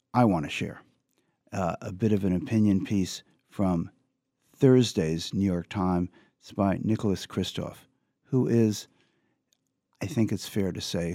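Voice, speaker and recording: A male radio talk show host, reading an opinion piece aloud with earnest, measured commentary and some halting restarts. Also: mellow, dry recording, studio quality. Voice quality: low gravelly voice. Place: radio studio.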